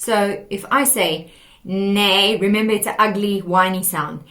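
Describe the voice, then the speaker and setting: A woman teaching a singing lesson, explaining patiently and demonstrating sung warm-up exercises. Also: mid-range voice, a little slow. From South Africa. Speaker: vocal coach.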